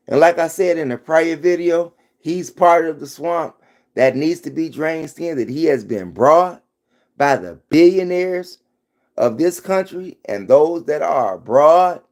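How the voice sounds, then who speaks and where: A man's voice: on the high side, a little mellow. A middle-aged man giving an emphatic, preachy commentary vlog into his phone, hammering his points home by repeating them. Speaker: vlogger.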